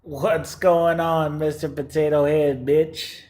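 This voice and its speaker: A man's voice: mid-range voice, brisk, a little mellow, close to an everyday voice. A man calling in to a live talk stream in a bad put-on Southern accent, mocking and taunting the host. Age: 30s. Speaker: caller. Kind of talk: trolling phone-in call.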